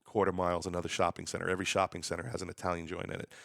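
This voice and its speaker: A man's voice: low voice, very fast, creaky, no room sound, clean studio sound. A man from Long Island with a New York accent, a DJ chatting as a podcast guest and acting out quotes as he tells stories. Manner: animated storyteller, acts out quotes. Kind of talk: casual podcast chat.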